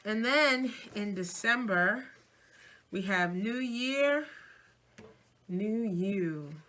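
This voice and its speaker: A woman's voice: a little high, slow pace. A woman in her forties from New York City, with a mixed New York, Midwest, Southern and Louisiana accent, chatting casually and animatedly while flipping through her planner. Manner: chatty and animated, laughing easily. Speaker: vlogger and minister.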